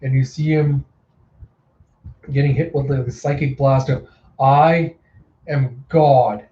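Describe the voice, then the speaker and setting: A man's voice: mid-range voice, normal speed, slight background noise. Chatty man in a roomy room. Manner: chatty, animated, self-interrupting. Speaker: host. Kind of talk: casual comic readthrough narration. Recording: roomy, slightly dull home recording.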